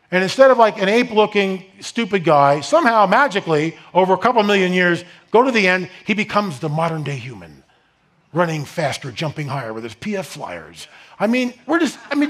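A middle-aged man giving an animated lecture to a live audience, rambling with restarts and asides, rising to near-shouts on his rhetorical questions. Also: high-pitched. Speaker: speaker presenting a slide lecture.

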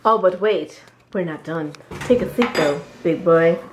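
Over dinner at home, a woman vlogs a casual family chat, playfully teasing and laughing often. Her voice is on the low side and a little slow, with roomy sound and a noisy background.

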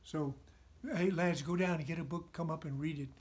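A man in a pirate-captain role reading a children's story aloud to a puppet, with expressive, playful delivery. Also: on the high side, brisk.

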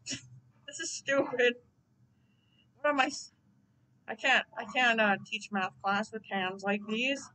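A woman voicing a grumpy, quick-tempered bald male math teacher in his forties, indignant and threatening. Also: on the high side, steady tone, bright, forceful tone, low-quality recording. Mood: exasperated.

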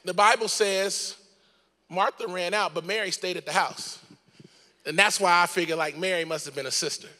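A man pastor preaching a dramatic sermon in a church, building to shouts. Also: high-pitched, steady tone, moderate pace, long reverb tail.

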